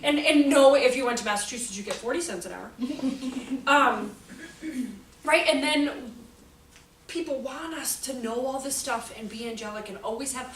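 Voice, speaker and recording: A woman's voice: fairly high pitch, fairly quick, fairly bright tone. A woman giving a workshop talk, telling stories in a chatty way, laughing often and acting out voices. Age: adult. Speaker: workshop presenter. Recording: roomy echo, from a distance, faint room noise.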